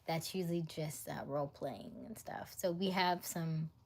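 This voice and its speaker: A woman's voice: low voice, steady tone, normal speed. An American woman hosting a casual live stream, chatting and reading viewer comments aloud, often laughing and dropping to a half-whisper. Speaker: livestream host.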